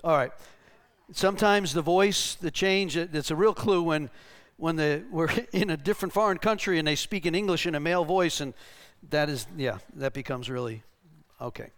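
A pastor delivers anecdote-filled sermon teaching in church, speaking at normal speed in a slightly high male voice. He stays conversational, tags his lines with "right?" and acts out voices as he tells his stories.

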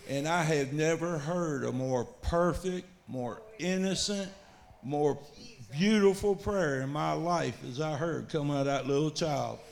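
A man's voice: fairly high pitch, measured pace, creaky. A man telling an earnest, folksy testimony to his church. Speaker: church member giving testimony. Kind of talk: storytelling testimony.

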